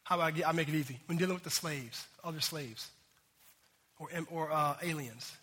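A man preaching a sermon in an animated, conversational way, talking straight to the congregation. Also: fairly high pitch, a little fast, breathy edge. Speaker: pastor. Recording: long hall reverb.

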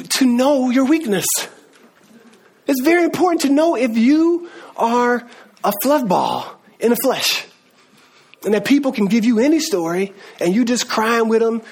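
A man preaching a sermon, animated and conversational, with sudden emphatic calls. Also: extremely high pitch, slightly rough. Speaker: pastor.

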